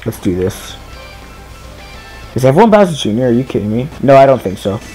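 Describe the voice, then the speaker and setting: A man's voice: medium pitch, sing-song, fairly quick, dark tone, soft background music. A young man giving casual commentary while streaming a kart race, chatty and self-deprecating as he talks to viewers.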